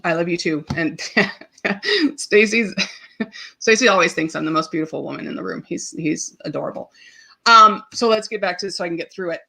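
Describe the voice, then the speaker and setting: Bright-voiced woman telling her story. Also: medium pitch, vocal fry. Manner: open and emotional, lots of ums and restarts. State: choked up, tearing up. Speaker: podcast host. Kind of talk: live-streamed personal story.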